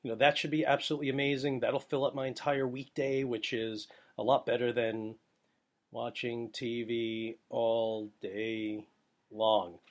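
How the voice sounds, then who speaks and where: A man hosting a podcast about photography, talking in a casual, animated, rambling way and slipping into quick voices of other people. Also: mid-range voice.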